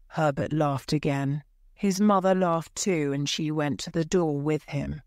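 A woman reads a graded storybook aloud in a slow, careful, clear way. Her voice is on the low side and the recording is close and dry. Every word comes out steady and unhurried. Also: dry recording. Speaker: narrator. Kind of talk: scripted storybook narration for learners.

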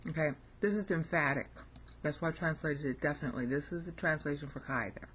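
Low-voiced American woman teaching. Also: breathy edge. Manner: thinks aloud, hesitant restarts, frequent "okay?" checks. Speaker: language teacher. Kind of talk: informal recorded lesson.

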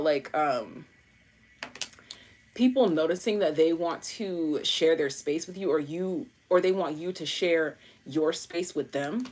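A woman's voice: lowish voice, slight background noise. A woman giving a casual, chatty tarot reading to her viewers, full of slang and fillers. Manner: chatty, slangy, thinks aloud with many fillers. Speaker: tarot reader.

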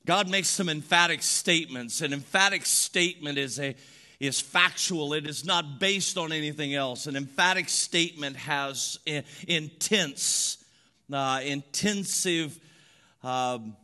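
Speaking a little slowly in a slightly high voice, a man delivers a sermon as pastor. He leans on rhythmic repetition, moving from quiet reflection toward loud, emphatic preaching.

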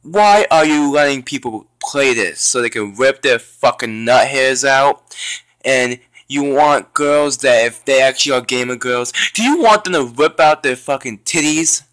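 A young man giving raging, profane commentary on his own gameplay as a YouTuber, yelling and cursing in frustration. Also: medium pitch, expressive, unhurried, clean tone, no echo. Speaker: gaming YouTuber.

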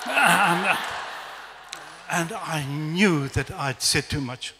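A middle-aged man with a South African accent, telling a lively, self-deprecating testimony as a guest preacher at a church evening service. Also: on the high side, takes it slowly, a crowd in the background. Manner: storytelling, animated, self-deprecating humor. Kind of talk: testimony sermon. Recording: echoey church hall reverb.

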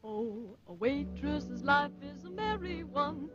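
An actress playing a cheerful waitress singing a swing number. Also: female voice, sits high, animated, slow pace. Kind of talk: swing song. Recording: dull old film soundtrack with loud music.

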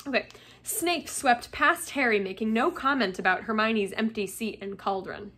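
A woman's voice: a little high, moderate pace, a bit bright. A woman, a teacher, reading a novel aloud to her class, with chatty asides between passages.

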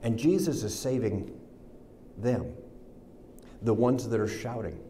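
A man with an American accent preaching a sermon, reading scripture aloud, mimicking the mockers' sneering taunts and dropping low and soft for Jesus' words. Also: a little hiss or hum. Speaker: pastor.

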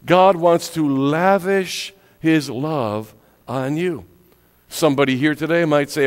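A male pastor telling a story in a sermon, with dramatic pauses and whispery drops on key words. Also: fairly high pitch. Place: church sanctuary. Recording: echoey church hall with long reverb.

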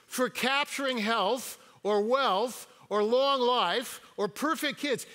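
A man's voice: very high voice, animated, slow pace, hardly any pauses, bright, forceful tone, long reverb tail. A retired pastor in his sixties preaching a sermon in a church, telling personal stories with quips and the odd hesitation. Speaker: guest pastor. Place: church sanctuary.

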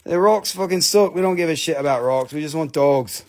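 A man's voice: a little high, brisk. A man hosting a live crystal sale stream, chatty and self-mocking, joking nonstop with viewers. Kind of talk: casual live sales stream banter.

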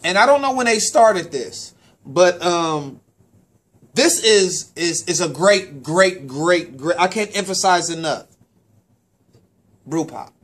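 Man, sports talk host and parent, slightly high voice, loose animated delivery, repeats himself, casual shout-outs. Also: slow, long pauses. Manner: animated, repeats words, stumbles on names.

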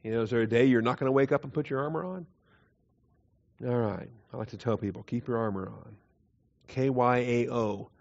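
A man teaching a Bible doctrine class in a conversational way, with frequent fillers, quiet chuckles and questions to the room. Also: medium pitch, quick pace, creaky. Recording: dull lo-fi class recording.

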